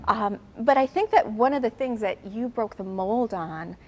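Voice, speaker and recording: A woman's voice: a little high, moderate pace, darkish tone. A woman host interviewing a guest, encouraging him with frequent agreeing interjections.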